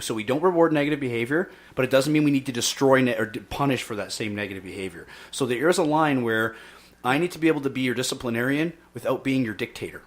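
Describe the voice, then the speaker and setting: A man hosting a podcast and making his case in an emphatic, energetic way, often pausing on "okay". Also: medium pitch. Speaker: podcast host and youth fitness instructor. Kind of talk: casual debate chat.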